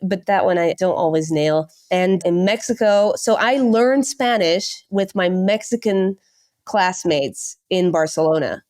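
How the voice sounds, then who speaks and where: Dutch woman in her 30s, chatty guest, lowish voice, acts out what people said. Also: measured pace. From Netherlands. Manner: animated storyteller who mimics others' voices. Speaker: podcast guest. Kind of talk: casual interview chat.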